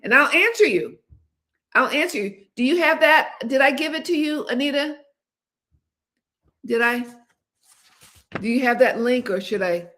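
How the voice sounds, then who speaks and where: A woman's voice: high voice, lively intonation, unhurried, long pauses, fairly bright tone. A woman in her seventies, hosting a livestream and chatting candidly in a rambling way, with many fillers and restarts. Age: 70s. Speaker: host. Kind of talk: casual livestream chat.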